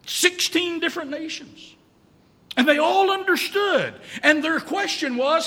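A man preaches a sermon in a church, his voice high and bright. He hammers his points home with repetition and rhetorical questions. The sound carries a long hall reverb. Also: a little slow. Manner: emphatic, repeats key lines, rhetorical questions. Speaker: pastor.

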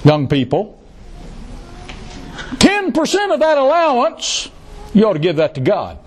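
A man's voice: sits high, huge pitch swings, measured pace, slight background noise. A male pastor preaching a sermon, who repeats key phrases for emphasis and adds joking asides.

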